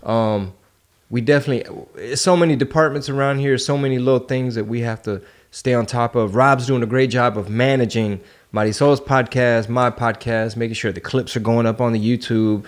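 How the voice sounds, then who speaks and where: A man hosting a podcast in a loose, slangy way. His voice sits at a middle pitch, and he gets animated as he tells a story. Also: normal speed. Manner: casual, slangy, animated when telling stories. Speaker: podcast host. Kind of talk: casual podcast chat.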